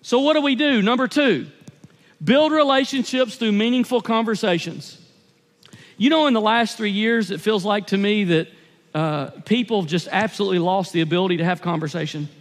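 A man preaches from the pulpit in a conversational, emphatic way, circling back to repeat his phrases. His voice sits very high. It rings out with the long echo of a big church hall. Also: moderate pace. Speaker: pastor. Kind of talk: sermon.

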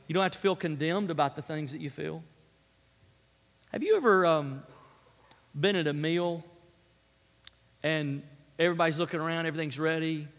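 A man preaching a sermon as pastor, telling stories in an animated way that swings from loud to hushed. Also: sits high. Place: church sanctuary. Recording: long reverb of a large hall.

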